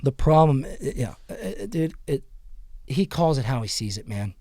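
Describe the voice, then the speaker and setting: A man on a podcast, telling a story in a casual, animated way, acting out other people's lines and swearing freely. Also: medium pitch, moderate pace, no echo, clean studio sound. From United States. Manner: animated, quotes others in raised voices, swears. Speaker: podcast guest.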